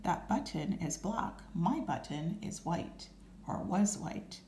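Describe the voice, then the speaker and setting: A woman's voice: fairly low pitch, animated, takes it slowly, a little mellow, slight background noise. A woman voicing a fussy, easily upset male toad for a children's storybook, whiny and complaining. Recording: roomy echo.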